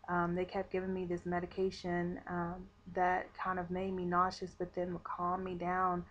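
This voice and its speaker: A woman's voice: fairly low pitch, monotone, normal speed, fairly bright tone. A woman vlogger telling a personal story to camera in a chatty way, with many fillers. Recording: dull lo-fi webcam audio.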